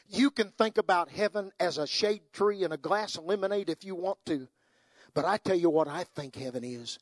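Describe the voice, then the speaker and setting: An older man preaching a sermon, moving from hushed, tender storytelling to soaring, impassioned climaxes. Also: high-pitched, normal speed, no echo.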